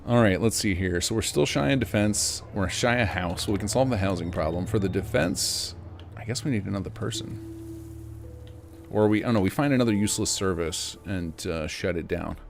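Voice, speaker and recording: A man's voice: fairly low pitch, moderate pace, vocal fry, faint music behind. An American man chatting casually to viewers on a live game stream, rambling in a chatty way. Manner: rambling, chatty, talks to chat.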